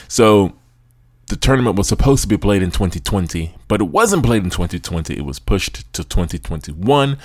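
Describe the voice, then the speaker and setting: A man's voice: sits low, no echo, clean studio sound. A man hosting a sports podcast, giving chatty, opinionated commentary with frequent asides to his listeners. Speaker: podcast host.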